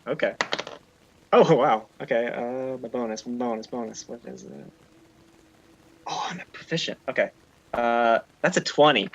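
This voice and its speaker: A man playing a tabletop game, reacting and thinking aloud in a lively way. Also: mid-range voice, normal speed, long pauses, muffled recording, a little hiss or hum. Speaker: player.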